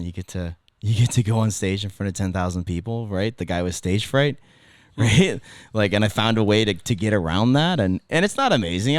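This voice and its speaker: A man's voice: sits low, dry recording, clean studio sound. A middle-aged man with a Californian accent, a former radio host telling stories in a casual podcast chat, rambling and restarting his sentences. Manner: rambling, self-interrupting storyteller.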